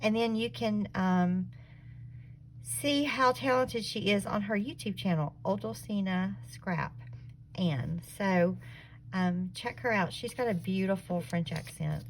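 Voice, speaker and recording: A woman's voice: mid-range voice, slow pace, slight background noise, poor audio. A woman with a Southern accent, hosting a craft channel in a casual, friendly, chatty way. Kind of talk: casual craft vlog chat.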